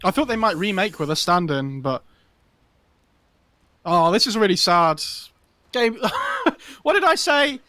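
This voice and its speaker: A slightly high-pitched man casts an esports match live, chatting casually and rambling with plenty of fillers. His voice sits close and dry on a headset mic. He sounds relaxed, like he's hanging out with a co-caster. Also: measured pace, pauses often, dry recording. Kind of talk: casual live commentary chat.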